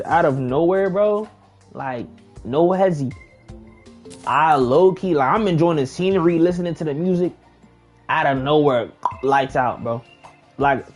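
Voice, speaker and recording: A young man casually telling a long story while playing a game, slangy and animated, his voice jumping high when he gets excited. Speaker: gaming vlogger.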